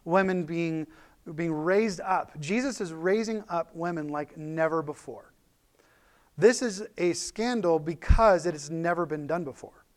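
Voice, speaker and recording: A man with a notably high voice preaches a sermon in a relaxed, conversational way. He talks animatedly, often restarting his sentences and filling pauses as he goes. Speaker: pastor.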